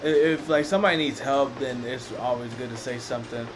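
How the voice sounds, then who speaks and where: A man's voice: medium pitch, fairly quick. A young man hosting a reaction video who cuts in with laid-back, slangy remarks and advice. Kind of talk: casual reaction commentary. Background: music.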